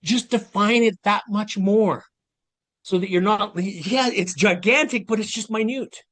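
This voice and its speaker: A man's voice: high voice, a little slow, a bit bright. A man in his late fifties giving a motivational talk over a video call, earnest and conversational as he speaks straight to his audience. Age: 50s. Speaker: guest speaker giving a masterclass.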